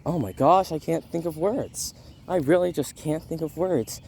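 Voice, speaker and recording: Slightly sick and walking outdoors through a neighborhood, a young vlogger chats casually, rambling and breaking off often to laugh. He speaks at a normal speed in a gravelly, higher-leaning voice with a darkish tone. A little hiss or hum comes through alongside birds and a barking dog.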